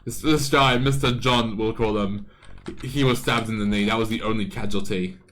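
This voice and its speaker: A man's voice: on the low side, steady tone, moderate pace, a bit bright. A man streaming live, narrating a game battle as an improvised, playful story with frequent restarts.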